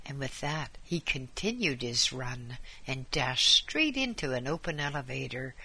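Slow, measured male story reader. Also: medium pitch, lively intonation, vocal fry, pushed and bright, slightly rough. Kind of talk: story reading.

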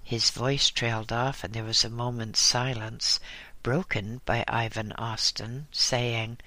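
A man narrating an audiobook in a measured, even storytelling manner. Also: mid-range voice, dry recording.

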